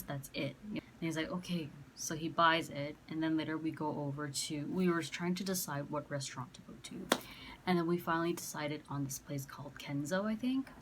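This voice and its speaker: Young woman, low-pitched, casual storytelling, chatty with fillers, quotes others, faint background noise. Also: brisk. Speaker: vlogger.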